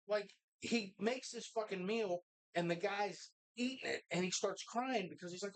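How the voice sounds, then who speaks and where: Profane, animated talk-show host. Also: mid-range voice, moderate pace. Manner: swears constantly, animated storytelling. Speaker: podcast co-host. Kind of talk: live bar talk show, profane movie rant. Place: bar.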